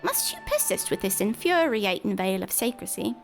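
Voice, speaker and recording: A woman's voice: mid-range voice, sing-song, moderate pace, creaky, music in the background. A woman reading the lines of an aloof, secretive masked young man in a grave, formal, old-fashioned way. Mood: solemn.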